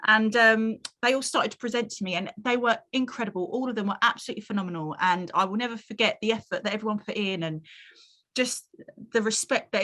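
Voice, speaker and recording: A woman's voice: medium pitch, bright, forceful tone. A woman, guesting on a podcast, telling stories animatedly and laughing often. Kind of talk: casual chat.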